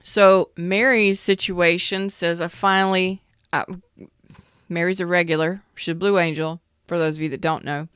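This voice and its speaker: A woman's voice: lowish voice, fairly even intonation, normal speed, a bit bright, clean tone, no echo, clean studio sound. A woman tarot reader doing a live reading as a casual, blunt rant, swearing freely, calling viewers out and answering chat comments. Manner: blunt, profane, calls viewers out.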